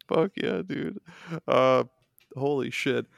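A man with a gravelly, creaky voice, recorded dry and close. He chats loosely and excitably about old games, swearing freely. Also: mid-range voice, very slow, no echo. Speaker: podcast co-host or guest. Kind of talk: casual chat.

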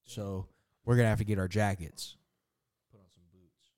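Young male co-host, low register, loose joking storyteller in casual chat. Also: steady tone, normal speed, darkish tone. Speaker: podcast co-host.

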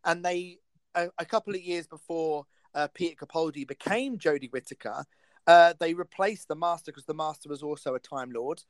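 Enthusiastic male host, quick to laugh; lightly higher pitch, close and dry. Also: no room sound. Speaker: podcast host. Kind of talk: casual chat.

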